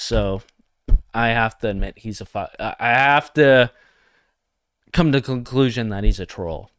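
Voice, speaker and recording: A man's voice: mid-range voice, normal speed, fairly bright tone, smooth, dry recording, clean studio sound. A young man hosting a satirical comedy livestream, talking provocatively and mockingly and reading comments from chat.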